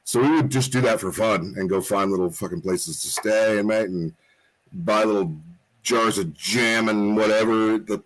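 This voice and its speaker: A man's voice: lowish voice, normal speed, rough recording. A man chatting casually, rambling and swearing freely, a little tipsy after a few drinks. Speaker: guest. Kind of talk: casual chat.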